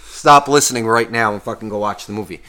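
A man's voice: fairly low pitch, fast, sharp tone. Profane, heated young man ranting. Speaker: podcast co-host. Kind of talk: casual podcast rant.

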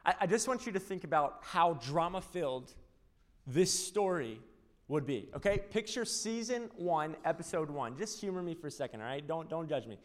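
A male pastor preaching a sermon, animated, acting out little scenes and quotes. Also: on the high side, normal speed. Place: large church auditorium. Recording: long reverb of a large church.

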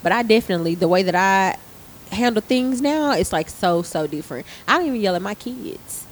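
Chatting casually on a podcast, this thirtysomething theater arts teacher recounts a work story with plenty of profanity, animatedly acting out what people said. She speaks a little fast in a medium-pitched voice, over slight background noise on a rough recording.

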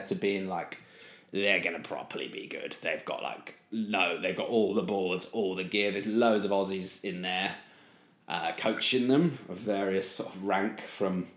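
Rambling man in a roomy room. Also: lowish voice. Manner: rambling, animated, swears casually, many fillers. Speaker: podcast co-host. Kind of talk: casual chat. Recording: roomy echo.

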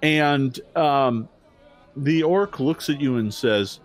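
A man's voice: mid-range voice, slow pace. A man narrating as game master in a tabletop game, rambling with many fillers and restarts.

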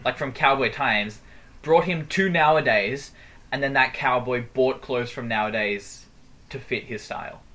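A young man chats loosely as the podcast's host, with a rambling, sweary delivery. His voice sits at an ordinary middle pitch for a man. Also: measured pace, bright, forceful tone. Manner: rambling, profane, laughing. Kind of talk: casual storytelling chat.

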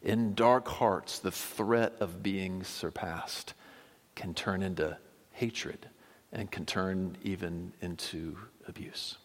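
A man preaching a sermon with emphatic stresses that drop to quiet, almost whispered asides. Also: low-pitched, steady tone, slow. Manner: emphatic, swings from loud stresses to quiet drops. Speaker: pastor. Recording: long hall reverb.

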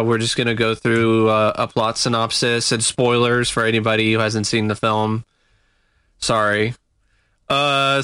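A man co-hosting a podcast, talking casually and haltingly with lots of fillers. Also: mid-range voice, sharp tone, smooth, dry recording, studio quality. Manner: hesitant, many fillers. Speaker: podcast co-host. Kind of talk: casual chat.

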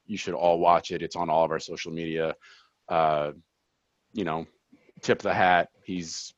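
A man's voice: sits low, no echo, highs cut off. A man co-hosting a soccer podcast, talking in casual chat and making his points with emphasis. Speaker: podcast co-host.

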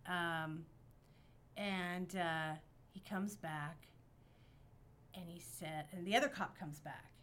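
A woman on a podcast telling a story in casual chat, animated and profane, acting out the quotes. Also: on the low side, takes it slowly, long pauses, slight background noise. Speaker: podcast guest.

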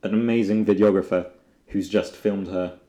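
A man's voice: sits low, fairly even intonation, moderate pace, mellow, echoey room. A man co-hosting a podcast in casual chat, with dry, wry analysis. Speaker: podcast co-host.

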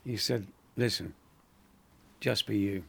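An older actor telling lively anecdotes in an interview, acting out other people's lines and laughing often. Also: male voice, lowish voice, slow, vocal fry, slightly rough. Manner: animated storyteller, acts out quoted voices, laughs often. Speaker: actor guest.

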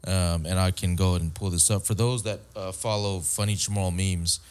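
Low-voiced man rambling through podcast chat. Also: steady tone, brisk, clear, resonant tone. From Guam. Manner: rambling, hesitant, swears casually. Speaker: podcast host.

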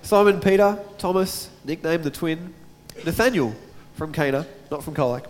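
A man's voice: on the high side, normal speed, a little hiss or hum. A man preaching a sermon and reading scripture, chatting casually with his congregation between verses. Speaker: pastor. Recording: long hall reverb.

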